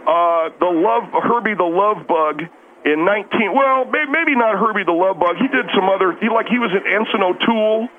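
Bumbling male caller voiced by a man, high voice, halting delivery, heard over a tinny phone line. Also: natural voice. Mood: flustered. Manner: halting, stumbling, fumbles names.

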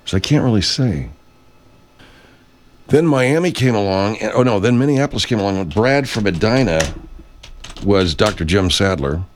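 A male radio host with a very low voice talks off the cuff. He wanders from point to point, restarts often and drops casual profanity. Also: expressive, normal speed, pauses often. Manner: meandering, self-interrupting, swears freely. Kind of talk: rambling casual monologue.

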